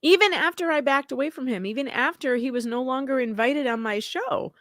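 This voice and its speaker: A woman's voice: sits high, brisk, a loud crowd. A woman talking candidly on a livestream as a guest, with a chatty, conversational manner. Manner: candid, conversational, uses "like" a lot. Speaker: fellow show host and guest. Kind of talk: casual livestream chat.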